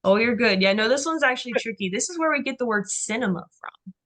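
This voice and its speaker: A woman's voice: fairly high pitch, animated, a bit bright. A woman tutoring a Greek workshop, talking in an encouraging way with many fillers. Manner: encouraging, unhurried, with frequent fillers. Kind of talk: online tutoring session.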